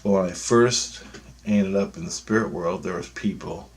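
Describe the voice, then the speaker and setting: A man in his fifties with a somewhat low voice, rambling on in a loose spoken monologue. He talks bluntly and swears freely, jumping from one thought to the next. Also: normal speed, a little hiss or hum. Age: 50s. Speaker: vlogger.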